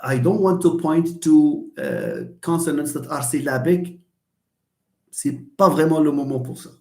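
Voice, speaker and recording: Animated Moroccan lecturer, lively voice. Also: male voice, on the high side, a little slow, gravelly, echoey room. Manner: animated, switching between English, French and Arabic; pedagogical, asks and answers his own questions. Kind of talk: online class lecture.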